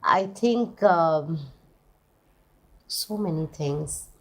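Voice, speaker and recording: A woman's voice: low voice, drawn-out words. A middle-aged woman, sharing a personal story in an interview, earnest and emotional, often restarting her sentences. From India. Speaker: interviewee, mother.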